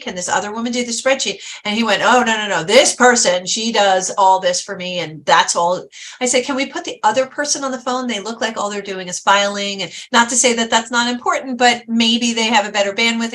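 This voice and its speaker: A woman talk-show host and success coach, chatty and animated, acting out quotes as she tells a story. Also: fairly high pitch.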